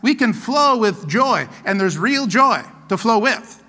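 A man pastor preaching a sermon, animated and playful, acting out little scenes and laughing along. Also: sits high, unhurried, big-room sound.

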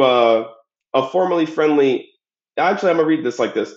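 A man's voice: a little high, lively intonation, normal speed. A man in a casual monologue, talking bluntly and profanely, rambling with fillers. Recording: roomy, dull lo-fi sound.

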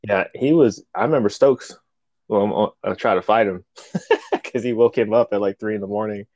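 A man telling loud, profane stories from his military years in a casual chat, laughing often. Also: fairly low pitch, normal speed, no echo, highs cut off.

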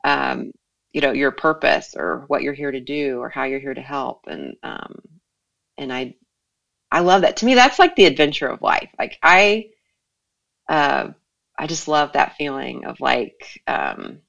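A woman's voice: a bass voice, animated, a little slow, vocal fry. A woman hosting a casual podcast chat about spirit and life paths, reflective and full of fillers. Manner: warm, reflective, many fillers.

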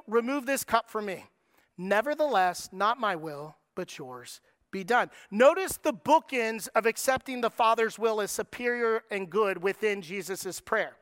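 A middle-aged man preaching a sermon, moving between lively, raised passages and soft, slow, quiet lines. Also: high-pitched, no room sound, studio quality. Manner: preaching with dramatic shifts in tone, acting out voices. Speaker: pastor.

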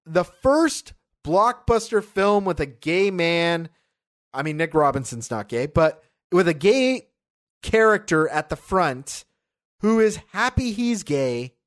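A co-host in a casual film review chat, animated and emphatic, swearing freely. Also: medium pitch, takes it slowly.

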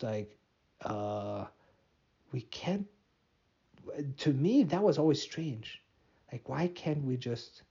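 A man's voice: medium pitch, mellow, husky, lo-fi sound. A tired man hosting a casual solo podcast, rambling and mocking himself with many restarts and fillers. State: tired, yawning. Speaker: podcast host.

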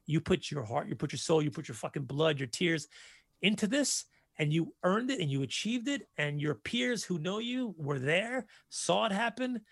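A man in his forties telling stories in a casual chat, animated and profane. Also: fairly high pitch, normal speed, gravelly, no echo, studio quality. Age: 40s.

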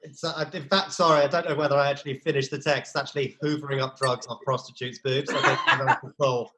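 A man's voice: mid-range voice, level tone, fast. A man comedian on a video call, sheepish and jokey about himself. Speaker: comedian panelist. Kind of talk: comedy panel show chat over video call. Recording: loud noisy video call line.

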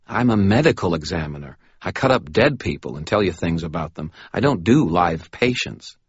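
A man's voice: sits low, lively intonation, moderate pace, husky, no echo, muffled recording. A man voicing a jittery, fussy little male medical examiner who sputters in exasperation, in an audiobook. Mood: fussing. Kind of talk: audiobook character voice.

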